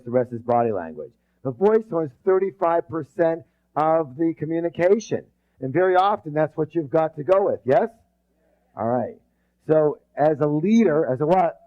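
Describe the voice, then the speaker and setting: Energetic male leadership trainer, call-and-response. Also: fairly high pitch, moderate pace. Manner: rambling restarts. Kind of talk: live seminar lecture. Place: seminar room. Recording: dull lo-fi recording.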